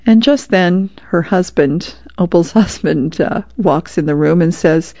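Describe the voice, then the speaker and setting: Volunteer lady reading comics on radio, low gravelly voice, dry dull sound. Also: a little slow, hardly any pauses, warm tone, dry recording. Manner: chatty, with small laughs. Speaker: volunteer reader.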